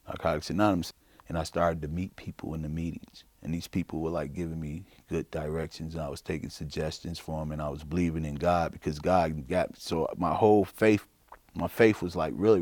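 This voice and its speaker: Man, from chicago, middle-aged, very deep voice, dry close sound, halting informal testimony. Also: a little mellow, no room sound. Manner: halting, informal, many "you know" and "man" fillers. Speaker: interviewee. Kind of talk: personal testimony.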